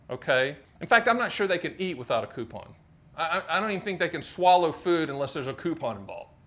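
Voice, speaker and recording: Jokey, emphatic middle-aged male host. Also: fairly high pitch. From North Carolina, US. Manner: jokey, animated, emphatic repetition. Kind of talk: casual talk to camera.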